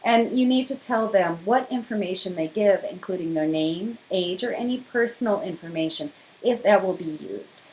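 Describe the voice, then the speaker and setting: A woman's voice: mid-range voice, moderate pace, few pauses, a little mellow, slight background noise, rough recording. A woman giving a classroom lecture, explaining step by step and acting out example questions. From not from Liberia.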